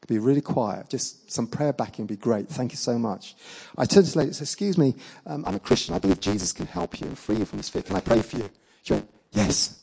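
A male preacher tells a personal testimony to his congregation, jumping into the voices of the people in his story. His voice is heavily gravelly with a lot of fry, sitting at an ordinary middle pitch, and he chuckles along with his own tale. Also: fast, rough recording. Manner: lively storyteller who acts out dialogue and laughs along.

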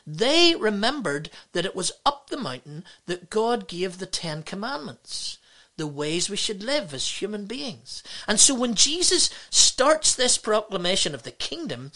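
A woman's voice: mid-range voice, bright, forceful tone. A woman pastor preaching a sermon, emphatic and exclamatory, with many rhetorical questions.

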